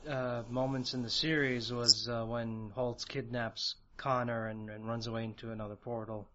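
A man's voice: medium pitch, little pitch movement, moderate pace, pushed and bright. A man in a mid-range voice hosts a casual interview, asking questions loosely with fillers along the way. The sound is muffled and lo-fi.

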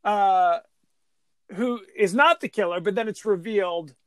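A man co-hosting a podcast chats about a film in an animated, jokey way, rambling and restarting his sentences. His voice is high-pitched and a little slow, with no room sound.

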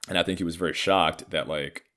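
A man's voice: deep voice, a little fast. A man in his thirties telling a personal story in a casual, profane, filler-heavy way. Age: 30s. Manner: profane, animated, frequent fillers.

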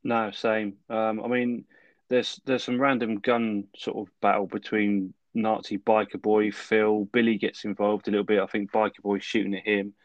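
A man co-hosting a podcast, relaxed and chuckling as he fills in plot details. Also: on the low side, moderate pace, no echo, lo-fi sound. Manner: laid-back, chuckling. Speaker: podcast co-host. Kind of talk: casual film review chat.

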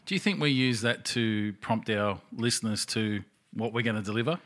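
A man's voice: fairly low pitch, moderate pace. An Australian man co-hosting a podcast, telling stories in casual, sweary chat. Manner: sweary, animated storytelling. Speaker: podcast co-host.

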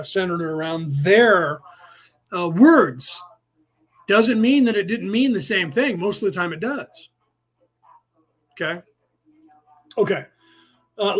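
Speaking in a high, husky voice, a man hosts a casual livestream lecture for his podcast class. His explanations wander, he repeats himself, and he spells words out letter by letter.

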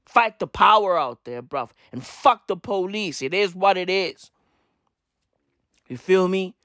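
A man's voice: sits high, expressive, unhurried, pushed and bright, dry recording, clean studio sound. A man podcaster delivering a profane, emphatic rant, repeating his points over and over. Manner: emphatic, repetitive, heavy swearing. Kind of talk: profane ranting commentary.

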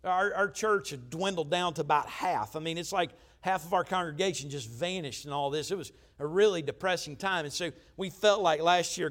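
A pastor tells stories from the pulpit. He has a high voice for a man and preaches emphatically, dropping to a hush and then rising again. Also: normal speed, hardly any pauses. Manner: emphatic, conversational preaching with swings in volume. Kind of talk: storytelling sermon.

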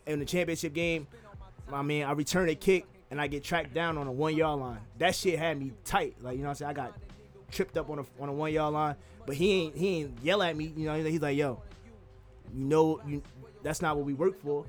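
A man talking fast and loosely in casual podcast chat, full of slang and fillers. His voice sits a touch high for a man. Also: fairly even intonation, soft background music.

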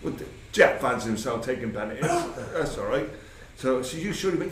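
A man past fifty spins loose, rambling football stories, restarting his sentences and acting out both sides of old exchanges. He sits some way from the mic in a roomy space. A steady hiss of background noise runs under him. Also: mid-range voice, fairly quick, far from the mic. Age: over 50. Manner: rambling anecdotes with restarts, quoting himself, laughing. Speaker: former football manager, guest. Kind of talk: casual storytelling.

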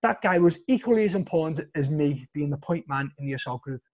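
A man's voice: on the high side, animated, fast talker, darkish tone. A man with a Liverpool accent, a soldier and podcast guest, telling his story bluntly with plenty of swearing and emphatic praise. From Liverpool, England.

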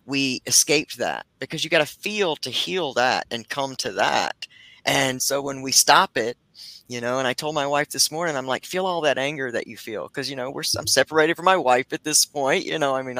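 An earnest male host with a bright, forceful voice shares heartfelt reflections in a reverend's emphatic, spiritual way. The sound is dry and close. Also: medium pitch, no echo, poor audio.

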